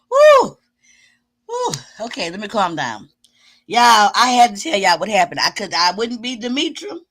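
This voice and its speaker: A woman with a medium-pitched voice hosts her own live stream, addressing viewers directly. She is loud, exclamatory and preachy, whooping and cursing along the way.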